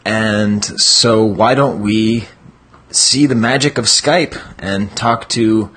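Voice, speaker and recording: Chatty husky-voiced male podcast host. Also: fairly low pitch, slow pace, fairly bright tone. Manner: chatty, laughs often, rambling asides. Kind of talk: casual podcast chat.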